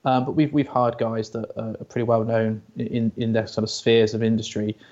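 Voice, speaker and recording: A man's voice: lowish voice, little pitch movement, moderate pace, a little mellow, dull audio. A British man chatting as an interview guest, often stammering and restarting, telling stories. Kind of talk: casual interview chat.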